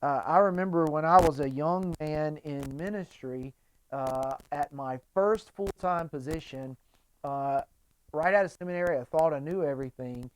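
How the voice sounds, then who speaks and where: A man's voice: fairly high pitch, no room sound. A middle-aged man giving a casual, conversational sermon as a pastor, acting out quotes in voices.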